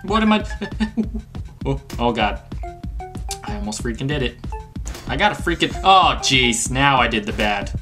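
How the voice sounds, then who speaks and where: A man doing let's play game commentary, reading instructions aloud with sarcastic asides and breaking into panicky yelps and rapid exclamations. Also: mid-range voice, very animated, pushed and bright. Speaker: gaming channel host. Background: game music.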